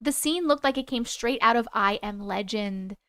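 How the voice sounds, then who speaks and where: A woman's voice: fairly high pitch, moderate pace, fairly bright tone, clean tone, no room sound, studio quality. A woman in her forties hosting a livestream, chatting with viewers and reading their stories aloud in a bubbly, casual way. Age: 40s.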